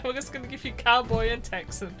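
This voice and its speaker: A woman's voice: a little high, fast, music in the background. A woman co-hosting a gaming stream, chatting casually with frequent giggles. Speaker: streamer co-host.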